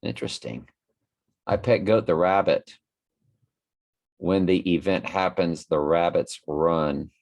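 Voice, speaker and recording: Man, very low gravelly voice, tired, rambling livestream chat, lots of ums. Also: slow pace, pauses often, a little mellow. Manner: rambling, musing, trails off with fillers. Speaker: livestream host reading viewer comments.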